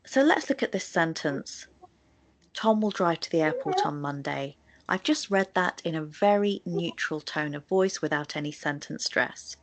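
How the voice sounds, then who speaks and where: A woman's voice: sits low, lively intonation, normal speed. A woman presenting a scripted video lesson on sentence stress, explaining with spoken examples. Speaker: English tutor in a video.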